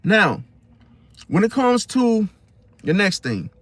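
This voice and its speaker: A man hosting a casual astrology monologue, talking in an animated way and often asking his listeners "See?". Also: sits high, takes it slowly, no room sound. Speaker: host.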